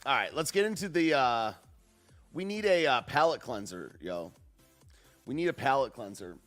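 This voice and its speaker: A man hosting a podcast, chatting in an excitable, rambling way, dropping 'dude' and 'man' and laughing often. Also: mid-range voice, moderate pace, faint music behind. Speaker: podcast host. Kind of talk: casual live-stream commentary.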